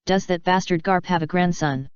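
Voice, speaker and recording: A woman's voice: fairly low pitch, normal speed, clear, resonant tone, no room sound, natural voice. Woman reading as a young apprentice pirate. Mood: weary. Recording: dull dry lo-fi audio.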